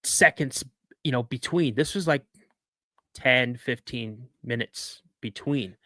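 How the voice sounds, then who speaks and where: A man's voice: medium pitch, takes it slowly, sharp tone, no echo, clean studio sound. A man in his fifties, a podcast guest telling a personal story in a chatty way with many asides. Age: 50s. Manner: conversational, frequent "you know".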